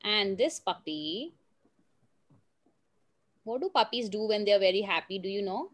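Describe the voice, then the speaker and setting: A woman's voice: mid-range voice, expressive, unhurried. A woman teaching young children phonics, sounding out words and telling a simple story in a patient, coaxing way. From India.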